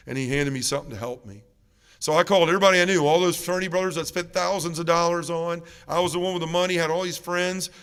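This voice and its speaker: A man with a drawl tells his testimony at a church mission in an earnest, heartfelt way, going quiet and low when the story turns heavy. His voice sits a little high and comes through smooth and resonant. The long ring of a church sanctuary trails behind each phrase. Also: long reverb tail. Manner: earnest, emotional storytelling that drops soft and low in heavy moments. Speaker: guest speaker at a parish mission. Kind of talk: personal faith testimony.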